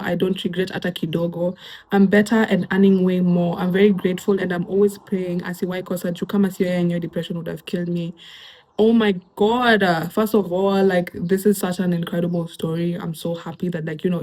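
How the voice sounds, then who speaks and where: A woman's voice: lowish voice, dark tone. A young woman from Kenya with a Kenyan accent, a YouTuber reading online posts aloud and chatting about them casually. She laughs often and drops Swahili slang into her talk.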